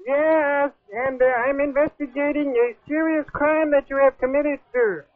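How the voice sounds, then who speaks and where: Man doing a rude blustering fake detective, very high voice, tinny phone line. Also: steady tone, measured pace. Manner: blustering, insulting, shouting at times. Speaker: prank caller.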